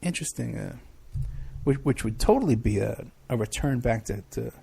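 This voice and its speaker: A man's voice: mid-range voice, lively intonation, moderate pace, gravelly, mellow, breathy edge. A middle-aged man hosting a talk show, rambling casually through viewer questions with many hesitations. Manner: rambling, chatty, frequent hesitations. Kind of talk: casual livestream chat.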